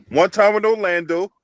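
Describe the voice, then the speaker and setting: A man's voice: high-pitched, dry recording. A man hosting a casual sports chat, loose and slangy, swearing freely. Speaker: podcast host.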